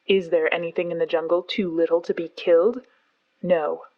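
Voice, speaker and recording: A woman's voice: fairly low pitch, fairly even intonation, normal speed, no echo, muffled recording, lightly acted. Woman doing Baloo, an earnest old bear teacher. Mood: earnest lecturing. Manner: earnest, lecturing, fond.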